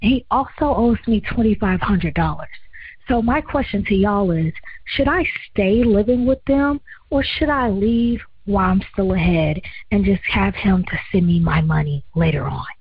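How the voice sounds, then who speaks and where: Young female caller, husky, nervous and rambling, dull muffled line. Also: medium pitch, moderate pace, no echo. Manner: friendly, slightly nervous, rambling. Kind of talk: recorded voicemail question. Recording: muffled, dry phone-quality audio.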